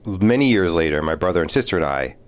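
A man's voice: deep voice, expressive, fast talker. A middle-aged man telling family stories in a casual chat, often breaking into laughter.

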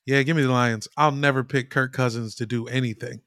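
A man's voice: medium pitch, steady tone, fairly quick, fairly bright tone, no echo. A man co-hosting a casual sports podcast, with dry, wry jokes. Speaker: podcast co-host.

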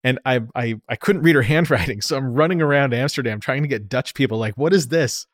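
A man from the United States, a company founder, telling stories in an animated, lively way during a casual interview. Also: mid-range voice, fast, no room sound, clean studio sound. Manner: animated, lively storyteller who acts out quotes.

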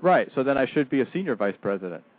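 A man's voice: medium pitch, very animated, quick pace, dry recording. Joking male radio co-host, mid voice, thin phone-line audio. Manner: joking, wisecracking. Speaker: chat room moderator and co-host. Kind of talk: casual chat.

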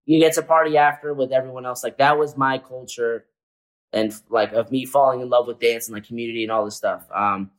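A man in his twenties, a guest chatting casually in a relaxed, slangy way with lots of filler words. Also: mid-range voice, brisk, rough recording. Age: 20s. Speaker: guest, comedian and dancer. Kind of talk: casual chat.

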